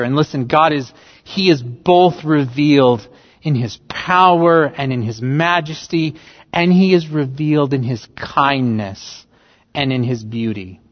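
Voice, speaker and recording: A man preaching a sermon as pastor, delivering it emphatically and rising in pitch and volume on key words. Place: church sanctuary. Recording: dull livestream audio in a reverberant hall.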